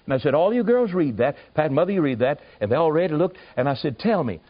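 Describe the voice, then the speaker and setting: A man preaching, telling a folksy, animated story with asides to his listeners. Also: fairly high pitch, quick pace. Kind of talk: storytelling sermon. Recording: muffled lo-fi recording.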